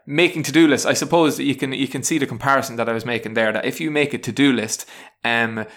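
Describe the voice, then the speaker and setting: A man's voice: medium pitch, fairly bright tone. A man, a teacher, casually talking through his personal tips. He rambles and restarts often and sounds frank and chatty. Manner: rambling, many restarts and fillers; frank, chatty, self-deprecating. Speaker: teacher sharing self-help tips. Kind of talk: casual spoken advice monologue.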